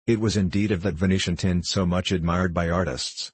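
Low husky male audiobook narrator. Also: brisk, dry recording. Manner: steady, storybook reading.

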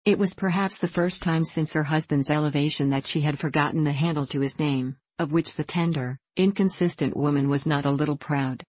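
A woman with a low, husky voice reads a classic novel aloud. Her narration is measured and even, recorded close and dry. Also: dry recording. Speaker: audiobook narrator.

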